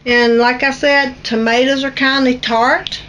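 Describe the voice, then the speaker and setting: A woman's voice: sits high, flat delivery, unhurried, fairly bright tone, distant mic, lo-fi sound, a little hiss or hum. A woman with an Appalachian accent hosting a home cooking video, talking in a homey, chatty, teasing way in her kitchen. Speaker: cooking show host. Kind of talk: casual kitchen chat. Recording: voice from away from the mic, faint music.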